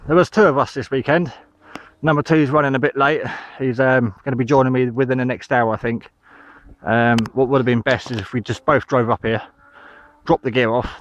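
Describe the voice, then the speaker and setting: A man from the United Kingdom vlogs outdoors in a field, slightly out of breath and rambling with many ums in a casual outdoor vlog. His voice is medium-pitched with a fairly bright tone.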